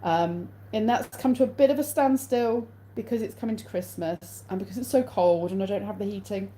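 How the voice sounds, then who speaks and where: Mellow-voiced English woman chatting on a live stream. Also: mid-range voice, brisk, a little hiss or hum, low-quality recording. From England. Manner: chatty, reads out viewer comments and answers them, laughs often. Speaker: vlogger hosting a live stream. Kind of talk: casual live-stream chat. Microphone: phone.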